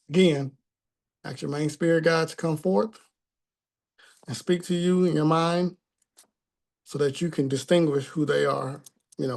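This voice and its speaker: A man's voice: a little high, vocal fry, darkish tone. A man teaching a spiritual class in a conversational tone, often checking in with the listeners.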